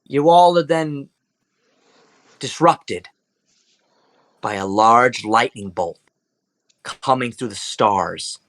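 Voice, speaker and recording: Brief: young male game master, relaxed narration with fillers. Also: mid-range voice, takes it slowly, long pauses, dry recording. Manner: casual, loose, many fillers.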